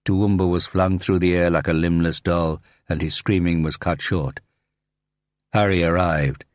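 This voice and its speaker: A man reading a thriller audiobook in a steady, measured narration. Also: low-pitched, no echo, studio quality.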